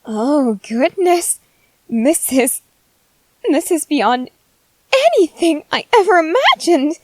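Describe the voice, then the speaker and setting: In an ASMR role-play, a woman plays a giddy, creepily sweet female scientist who gushes and coaxes slowly and fondly, thrilled and cheerfully unsettling. Her high voice leaps all over with big pitch swings, in a full character voice. The recording is close, dry, with no room sound, and low in quality.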